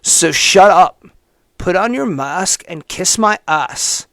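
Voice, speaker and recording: A man putting on a lower voice to mock a hateful young male online ranter, reading his post slowly and with heavy, sneering emphasis. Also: animated, sharp tone, no room sound, clean studio sound, heavily acted.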